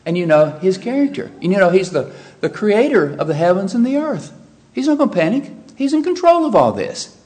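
A middle-aged man preaching a sermon, animated and vivid, jumping up in pitch when he acts out frightened voices. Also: fairly quick. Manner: animated preaching, acts out quoted panic with sharp rises in pitch. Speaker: pastor.

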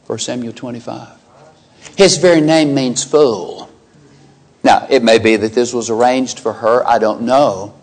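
A man preaching a sermon, emphatic and animated, acting out biblical characters' lines in quoted dialogue. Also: mid-range voice, unhurried.

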